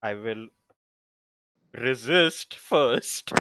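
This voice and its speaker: A man's voice: mid-range voice, animated, very slow, background noise. A man playing a tabletop game, slipping into grandiose, boastful in-character bluster. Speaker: player.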